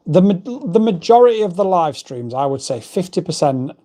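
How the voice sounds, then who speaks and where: Speaking into a desk mic, this English livestream host is a middle-aged man who chats, wanders off topic, and reads messages from his viewers aloud. He has a high-pitched, warm voice that swings widely in pitch at a moderate pace.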